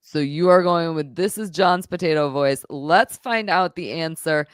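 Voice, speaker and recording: A woman's voice: low-pitched, measured pace, clean tone, no room sound, studio quality. A woman hosting a live stream, running a guessing game with sarcastic, playful chat. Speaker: host.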